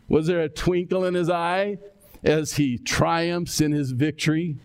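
In a slow, reflective sermon, an older pastor occasionally acts out aloud the speech he pictures from scripture's figures. He has a slightly high voice that's gravelly and darkish in tone.

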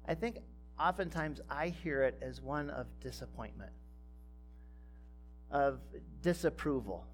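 Man, pastor, sermon, slow measured delivery, emphatic rising phrases, soft guitar faintly behind. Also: a little high.

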